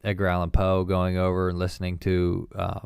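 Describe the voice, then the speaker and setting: A man's voice: low voice, monotone, vocal fry, darkish tone, clean tone, no echo, studio quality. A young adult man co-hosting a podcast, chatting casually and jokingly about a movie. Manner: chatty, jokey, quick asides. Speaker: podcast co-host. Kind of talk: casual film discussion.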